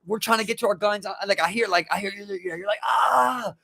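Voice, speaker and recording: Fast-talking high-voiced man telling war stories. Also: no echo. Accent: Baltimore. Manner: animated storytelling, swearing, acting out shouts. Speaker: podcast co-host. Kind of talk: casual chat.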